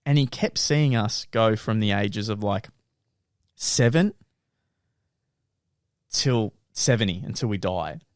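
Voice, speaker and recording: A man's voice: mid-range voice, no room sound, clean studio sound. A young man telling a story on a podcast, acting out voices and laughing often. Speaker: podcast co-host. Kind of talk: casual storytelling chat.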